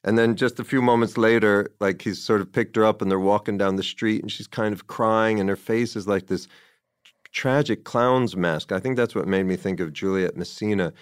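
A man with a low, smooth voice talks loosely and warmly about a movie he loves, circling back and quoting lines as he goes. The sound is close and dry, with no room around him. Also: moderate pace, dry recording. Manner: rambling, enthusiastic, quotes dialogue in passing. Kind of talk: casual film discussion.

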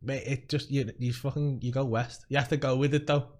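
A podcast host chats casually, joking and laughing often in an animated way. His voice is medium-pitched and a little fast.

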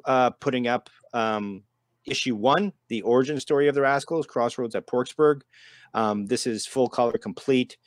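Fast-talking man pitching his comic. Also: no echo. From Canada. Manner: quick, filler-heavy pitch. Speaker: guest comic creator. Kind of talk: casual promotional pitch.

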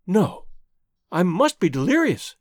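An earnest young heroine, high and swooping, breathless with feeling, as a male narrator puts her on. Her voice leaps and falls, and the reading sounds close and dry. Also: sing-song, unhurried, no echo, exaggerated voice. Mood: startled. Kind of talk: audiobook character voice.

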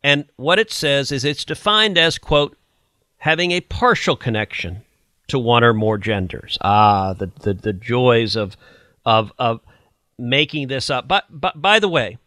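A man hosting a political podcast reads quotes aloud and mocks them, indignant and sarcastic in his opinionated commentary. His mid-range voice sounds pushed and bright, and the recording is dry.

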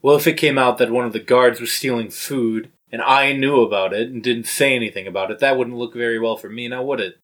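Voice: mid-range voice, brisk, hardly any pauses, fairly bright tone, lightly acted. A game master voicing a wary young male elf who sticks to the rules and talks primly and suspiciously. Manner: prim, suspicious.

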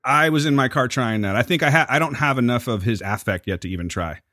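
A man co-hosting a podcast, trading boastful, joking banter in relaxed, casual conversation. His voice sits at an ordinary male pitch. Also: quick pace, no echo, studio quality. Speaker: podcast co-host. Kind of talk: casual chat.

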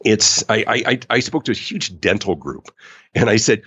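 A man talking as a guest in a podcast interview, emphatic and animated. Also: fairly low pitch, normal speed, breathy edge, no room sound, highs cut off. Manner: animated, emphatic, acts out quoted customers. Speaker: author and customer experience speaker, guest.

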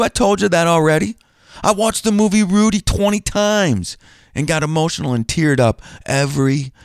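Lively, chatty male podcast host. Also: a little high, dry recording, studio quality. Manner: chatty, self-deprecating, animated. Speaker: podcast host and financial planner. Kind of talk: casual podcast talk.

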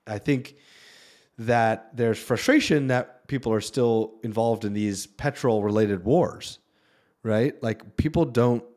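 A man speaking as a venture capitalist on a panel discussion, casual and loose, with many fillers and animated asides. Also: lowish voice.

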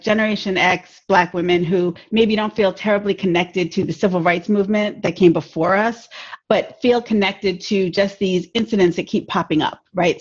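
A woman in her forties, a podcast guest, talking in a measured, reflective way. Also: fairly low pitch, highs cut off. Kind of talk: casual podcast conversation.

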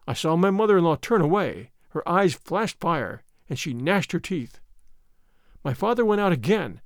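Male audiobook narrator, dramatic measured delivery, animated pitch. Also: no echo, clean studio sound. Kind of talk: scripted first-person narration.

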